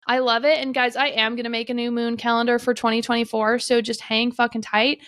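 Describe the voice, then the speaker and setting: A young woman talks through a casual solo podcast in a high voice, candid and earnest. She swears often and repeats points for emphasis. The recording is dry and close on the mic. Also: flat delivery, brisk, fairly bright tone, no room sound. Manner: blunt, frequent swearing, emphatic repetition; earnest, confessional. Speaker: podcast host.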